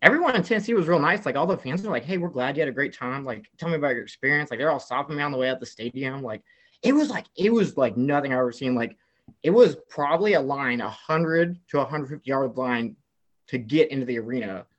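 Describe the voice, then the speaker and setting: A young man from the American South telling an excited story in casual chat, filling his talk with "like" and acting out what people said. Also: mid-range voice, fast talker. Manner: excitable storyteller, heavy "like" filler, acts out quotes. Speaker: guest telling a travel story.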